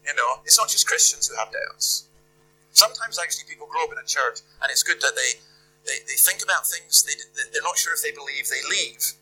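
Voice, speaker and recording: A man's voice: a little high, expressive, a little fast, sharp tone, faint music behind, poor audio. A man preaching a sermon in a conversational, emphatic way, firing off rhetorical questions. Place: church.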